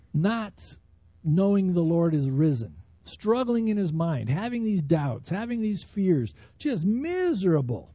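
A man's voice: high-pitched, dark tone, no echo. A man preaching a sermon in a conversational, emphatic way, reading scripture and explaining it. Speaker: pastor.

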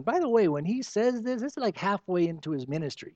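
A man pastor preaching an expository sermon, animated, with rhetorical questions. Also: high-pitched, a little fast, few pauses, no room sound.

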